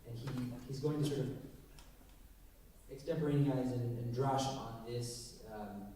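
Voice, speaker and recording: Animated rabbi, dark echoey voice. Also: male voice, mid-range voice, a little slow, a little hiss or hum. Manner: animated, acts out quotes with rising voice. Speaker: rabbi leading a text study. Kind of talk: interactive text study with questions. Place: synagogue hall. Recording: echoey room, recorded from a distance.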